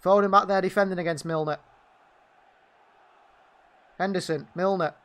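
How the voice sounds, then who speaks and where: High, bright-voiced fan commentator man. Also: fairly even intonation, moderate pace. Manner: partisan, indignant outbursts at the referee.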